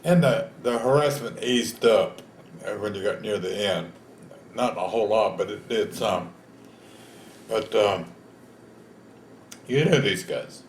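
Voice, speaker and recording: A man's voice: fairly low pitch, slow, pauses often, echoey room, slight background noise. A man, telling his own story in a plain-spoken, folksy way in an oral history interview. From Texas. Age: 70s. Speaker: veteran interviewee.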